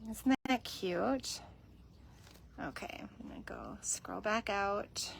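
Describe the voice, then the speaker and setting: A woman talks in an unhurried way, with a voice of middling pitch, as she chats through a phone livestream in a cat shelter room. She coos softly at the cats between remarks. Faint room noise hums under her voice. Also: very animated, vocal fry. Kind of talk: casual livestream chat.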